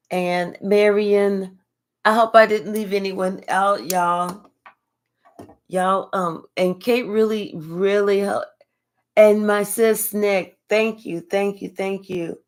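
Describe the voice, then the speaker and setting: An older woman hosts a casual live spiritual reading. She speaks slowly and warmly to her viewers and thanks them one by one. Her pace is leisurely and her pitch is mid-range. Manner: slow, relaxed, affectionate, thanks viewers by name. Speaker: spiritual reader hosting a live stream. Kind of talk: casual live-stream chat.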